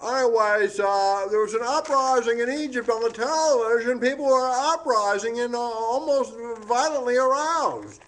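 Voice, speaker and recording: A man's voice: very high-pitched, animated, moderate pace, hardly any pauses, fairly bright tone. A man playing a scatterbrained, boastful old newspaperman in a comic monologue, rambling off topic and stumbling over his words. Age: older. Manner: rambling, digressive, loses his place and stammers. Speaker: comedian doing a tribute impression.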